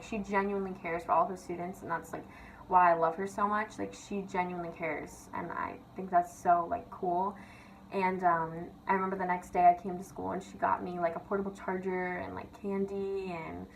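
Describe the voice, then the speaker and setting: A woman's voice: on the low side, gravelly, low-quality recording. Young woman vlogger ranting bout her life, chatty n sweary, says like a lot, faint hiss behind. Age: young adult. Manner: chatty, swears, lots of "like" and "literally". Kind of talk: casual confessional rant.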